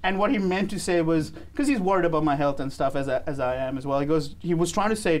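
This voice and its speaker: A man hosting a talk show, telling a funny story about his dad, animated and often laughing. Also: on the high side, fast. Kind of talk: comedic storytelling.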